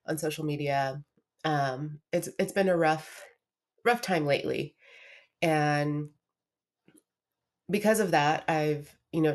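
A young woman hosting her own podcast, talking candidly about a hard week in a casual, confessional way with lots of restarts. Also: low-pitched. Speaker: podcast host. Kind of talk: casual personal monologue.

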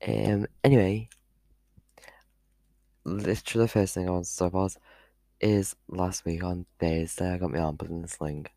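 Gravelly low-voiced teen rambling. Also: male voice, little pitch movement, measured pace, long pauses, warm tone, no room sound. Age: teens. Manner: chatty, meandering, loses his train of thought. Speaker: vlogger. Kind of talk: rambling casual live-stream chat. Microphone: headphone mic.

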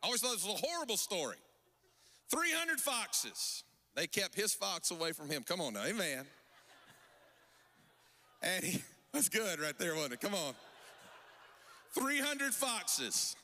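A man's voice: high-pitched, animated, fairly quick, long pauses, bright, forceful tone, long reverb tail. A male pastor preaching a sermon in a rhythmic, sing-song cadence, repeatedly calling out to his congregation.

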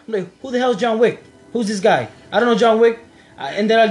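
A man's voice: high-pitched, rapid-fire, faint music behind. A young man, a podcast co-host, telling a story in casual chat and acting out the quotes. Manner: animated storyteller, acts out quotes.

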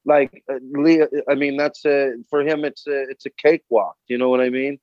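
A man's voice: mid-range voice, flat delivery, moderate pace, no echo, muffled recording. A man with a North American accent, co-hosting a podcast in a laid-back, rambling way and swearing freely. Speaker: podcast co-host. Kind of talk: casual chat.

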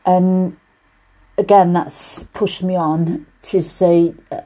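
Speaking slowly in a steady, dark tone with a voice on the low side, a UK quilting teacher hosts her own casual podcast about quilting. Her manner is chatty and encouraging, full of rambling asides.

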